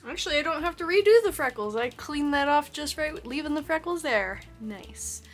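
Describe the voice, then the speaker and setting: A woman's voice: high voice, animated, moderate pace, faint music behind. A young woman chatting casually as she works, giggling and poking fun at herself. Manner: chatty, self-deprecating, giggly asides. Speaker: cosplay vlogger. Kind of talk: casual tutorial narration.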